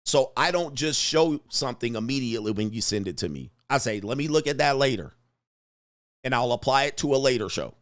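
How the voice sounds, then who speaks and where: A man hosting a livestream, talking casually with sudden loud bursts and lots of swearing. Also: medium pitch, no room sound, clean studio sound. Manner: rapid shifts between flat talk and sudden loud bursts, profane. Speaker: live stream host.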